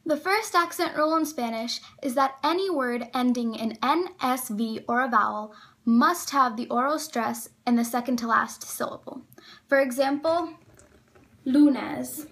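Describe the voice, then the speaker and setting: A woman explaining a lesson, slowing down carefully on each example word. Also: high-pitched, fairly bright tone. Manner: careful, slows down on example words.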